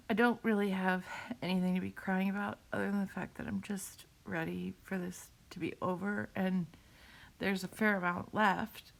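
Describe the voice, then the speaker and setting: A woman talking on a live video while crying, in a halting way, repeating herself and laughing through her tears. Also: mid-range voice, level tone, creaky, a bit bright. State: tearful, crying. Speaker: vlogger sharing a cancer update. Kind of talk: emotional live video talk.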